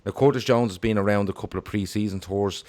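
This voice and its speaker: A man's voice: on the low side, fast, darkish tone. A man hosting a casual football podcast, talking animatedly and reading out viewer comments. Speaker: podcast host.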